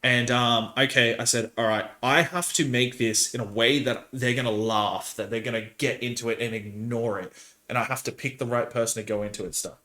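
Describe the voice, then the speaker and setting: A man, a podcast host and dungeon master, chatting casually and telling animated stories with laughter. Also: mid-range voice, fairly quick, roomy sound. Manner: rambling, animated storytelling with laughs.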